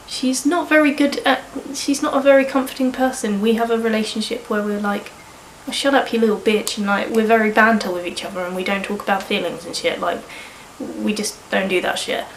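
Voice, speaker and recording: A woman's voice: medium pitch, fairly even intonation, brisk, few pauses. Girl early 20s with a cold, rambling and swearing, echoey room with faint hum. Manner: rambling, frank, swears casually. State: sniffly with a cold. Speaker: vlogger. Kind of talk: candid personal vlog.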